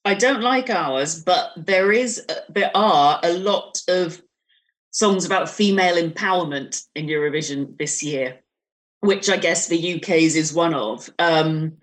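A woman guest on a radio chat gives frank, lively opinions in a casual way. Her voice is somewhat low for a woman. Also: measured pace. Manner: frank, enthusiastic opinions, laughs easily.

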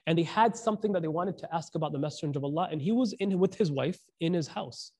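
High-voiced man giving a slangy sermon. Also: fast. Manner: slangy, animated, acts out quotes, frequent "like". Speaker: Islamic preacher. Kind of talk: casual sermon with storytelling.

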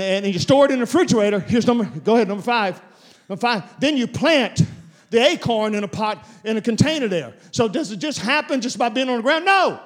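A man, a guest pastor, preaching a sermon in an animated, repetitive way, going through steps one by one. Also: high-pitched. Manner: animated, repetitive step-by-step demonstration.

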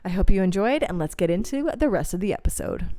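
A young woman hosting a podcast talks fast in a medium-pitched, dark voice with lively intonation. She laughs often while telling frank, profane stories in a casual, candid monologue.

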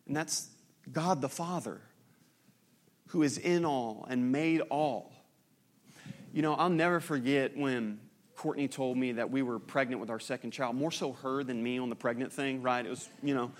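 A man, a pastor preaching a sermon in a conversational, animated way with frequent "right?" asides. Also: mid-range voice.

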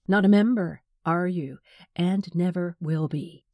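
A woman's voice: on the low side, a little slow, a little mellow, no room sound, clean studio sound, close to an everyday voice. A woman voicing a sneering, scheming man. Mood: scornful. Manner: sneering, drawling. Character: scheming, contemptuous man, a cold official.

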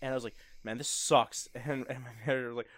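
A man's voice: medium pitch, fairly even intonation, fast, fairly bright tone, dry recording. Young man telling stories among friends. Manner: storytelling with laughs and swearing. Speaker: friend chatting. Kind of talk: casual chat.

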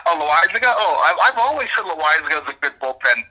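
Man with a very bright, sharp voice. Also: a little high, very animated, fast, low-quality recording. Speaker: podcast co-host. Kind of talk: casual sports chat.

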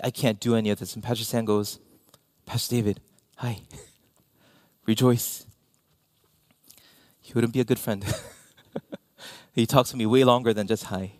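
A man preaching a sermon as pastor, animated, with self-deprecating asides and sudden drops to near-whispers. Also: medium pitch, dry recording, clean studio sound.

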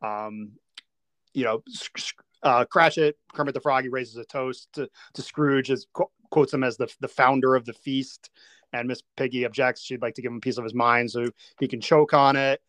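A man's voice: medium pitch, fairly even intonation, normal speed, fairly bright tone, no room sound. Casting: man, podcast host, earnest and detailed, dry close sound. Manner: earnest, recounts scenes in detail. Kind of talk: casual chat.

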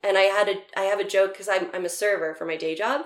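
A woman in her thirties chats casually and acts out every line she quotes, her voice at an ordinary middle pitch. She works as a comedian. The recording carries a roomy echo. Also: quick pace. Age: 30s. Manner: animated storyteller, acts out quotes. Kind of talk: casual chat.

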